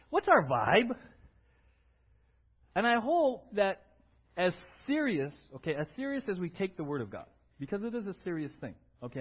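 Lively man preaching, high husky voice, dull lo-fi sermon recording. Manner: animated, conversational preaching with frequent "right?". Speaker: pastor.

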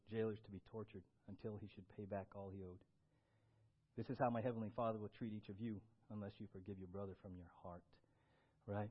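Emphatic male pastor preaching. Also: highs cut off. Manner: emphatic preaching, swinging from loud bursts to low quiet stretches. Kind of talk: sermon.

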